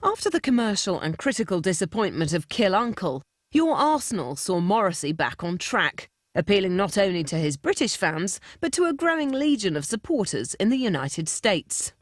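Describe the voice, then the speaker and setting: Female doc narrator, breathy tone, animated lilt, measured and formal delivery. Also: medium pitch, no room sound, clean studio sound. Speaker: documentary narrator. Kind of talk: scripted narration.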